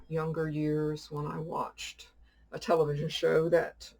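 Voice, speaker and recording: Showing off her shopping haul, a woman who makes witchcraft videos on YouTube tells a meandering story in casual conversation, with frequent laughter. She speaks in a low, slightly mellow voice.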